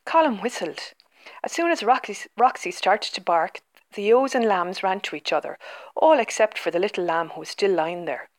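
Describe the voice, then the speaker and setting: A woman reading a children's storybook aloud in an expressive, animated way. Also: medium pitch, moderate pace.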